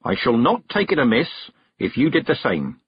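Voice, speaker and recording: A man reading aloud, voicing a stern, proud old woman witch with a husky, brisk and commanding manner. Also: medium pitch, wildly swooping pitch, no room sound, voice pushed up. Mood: gruff. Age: older. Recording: dull, dry close recording.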